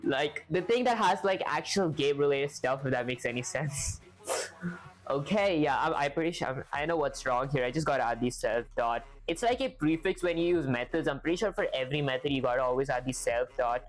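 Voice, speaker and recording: A man's voice: medium pitch, lively intonation, fairly quick. A man on a live stream, chatting casually with his viewers while working through programming exercises, filling his talk with "like". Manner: chatty, lots of "like" fillers, talks to chat. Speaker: livestreamer learning to code.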